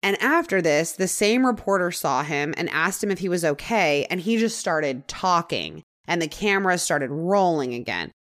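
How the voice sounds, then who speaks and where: A woman's voice: fairly low pitch, big pitch swings, fairly bright tone. Chatty woman telling a true-crime story. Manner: chatty, frequent "like" fillers, dramatic pauses. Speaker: podcast host.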